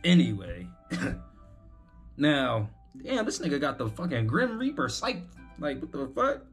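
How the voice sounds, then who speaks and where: A man's voice: medium pitch, wildly swooping pitch, a little slow, faint music behind. A young man giving rambling, profane, incredulous commentary while hosting a reaction video.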